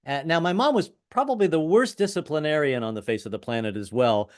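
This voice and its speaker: A man's voice: fairly high pitch, lively intonation, brisk. A man in his fifties doing a self-deprecating stand-up routine over a video call, with wry punchlines and stammered restarts. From US, moved around incl. the South. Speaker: stand-up comedian.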